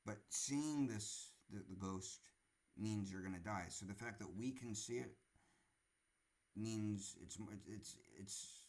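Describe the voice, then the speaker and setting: Low-voiced man feeling for his words. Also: slow, a little mellow. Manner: hesitant, searching for words. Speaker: podcast panelist. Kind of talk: roundtable film discussion.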